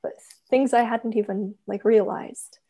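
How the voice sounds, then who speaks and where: A woman's voice: a little high, fairly even intonation, measured pace, mellow, lo-fi sound. A young woman from Canada chatting over a video call, explaining carefully with lots of filler words. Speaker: co-author and reader. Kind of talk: casual conversation.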